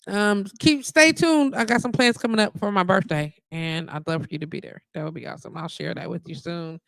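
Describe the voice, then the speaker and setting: Chatty woman live-stream host, gravelly voice, dry close sound, laughs a lot with viewers. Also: low voice, moderate pace, dry recording. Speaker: host of a live online radio show. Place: her wellness practice.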